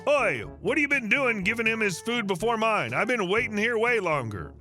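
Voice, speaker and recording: A man voicing a rude, angry young male customer who shouts and swears, read as part of a story narration. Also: high voice, sing-song, moderate pace, faint music behind, full character voice. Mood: angry shouting.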